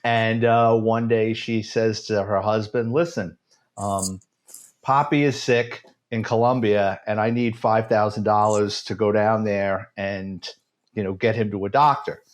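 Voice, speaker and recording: A man's voice: fairly low pitch, unhurried. A man in his fifties with a New York accent, a retired police detective telling stories in a casual interview with a sarcastic edge. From United States. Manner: sarcastic, animated storyteller.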